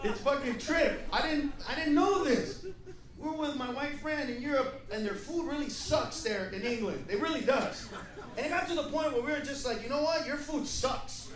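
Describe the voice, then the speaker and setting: High-voiced man doing stand-up, crowd roaring. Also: animated, normal speed. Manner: profane, loud, acts out characters. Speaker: stand-up comedian. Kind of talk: stand-up comedy routine. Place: comedy stage before a laughing audience. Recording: roomy live venue, far mic, crowd noise.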